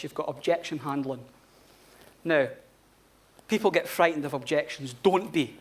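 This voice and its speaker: A man giving a live conference talk in a blunt, informal manner, swearing freely. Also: a little high. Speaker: conference speaker. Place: conference hall.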